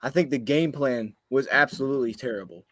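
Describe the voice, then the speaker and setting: A man's voice: mid-range voice, fairly quick, fairly bright tone, no room sound. A man co-hosting a sports podcast, ranting heatedly after a game and firing off frustrated rhetorical questions. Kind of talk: heated post-game rant.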